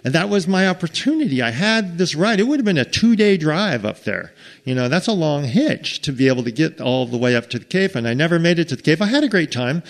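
A man's voice: on the high side, brisk, vocal fry. American man telling a rambling travel tale. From United States. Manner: animated, rambling with restarts, acts out quotes. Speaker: storyteller. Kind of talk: casual spoken travel story.

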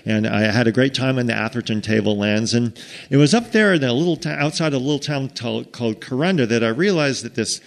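A man's voice: medium pitch, brisk, creaky. A man with an American accent telling a casual travel story, rambling with restarts and acting out what people said. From United States. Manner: animated, rambling with restarts, acts out quotes.

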